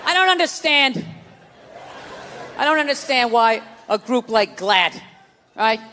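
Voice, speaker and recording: Exasperated male stand-up, high-pitched rant, loud live crowd. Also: lively intonation, unhurried, in a large hall. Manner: profane, exasperated, shouting bursts. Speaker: stand-up comedian. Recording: live stage with loud audience.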